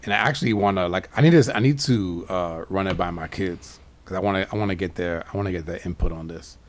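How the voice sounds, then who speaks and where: A man co-hosting a podcast in casual chat, a father who laughs along and speeds up when he gets excited. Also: low voice, fast, a little hiss or hum. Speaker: podcast co-host.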